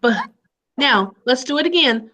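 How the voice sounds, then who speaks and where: A woman teaching a live online phonics lesson to young children over a video call, sounding out letters in a slow sing-song way. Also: sits high, lively intonation, bright, forceful tone, poor audio.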